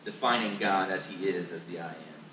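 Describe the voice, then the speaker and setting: Male pastor, mid-pitched, casual and emphatic teaching; distant mic in an echoey, noisy room. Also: a little fast, bright, forceful tone. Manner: conversational, emphatic, repeats words as he restarts. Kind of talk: Bible class teaching.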